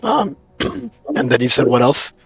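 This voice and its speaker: A man playing a tabletop game with a hoarse, worn-out voice, halting and clearing his throat often. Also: medium pitch, sing-song, faint music behind. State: hoarse, has lost his voice. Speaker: player. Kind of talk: casual tabletop play.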